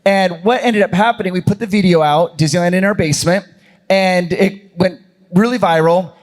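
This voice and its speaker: A man hosting a convention panel, telling stories in a chatty, animated way. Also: sits high, normal speed. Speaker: panel host and channel creator. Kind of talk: casual storytelling on a convention panel.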